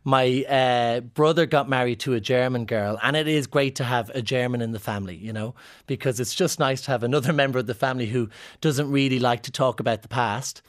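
In a mid-range voice and a little fast, a comedian guest from Ireland chats casually during an interview. He tells playful, joking anecdotes in his Irish accent.

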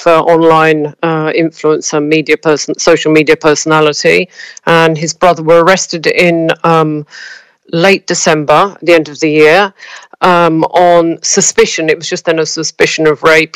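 A woman news correspondent giving a measured, hesitant report over a phone call, with frequent pauses and ums. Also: sits low, smooth, no room sound. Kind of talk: news interview.

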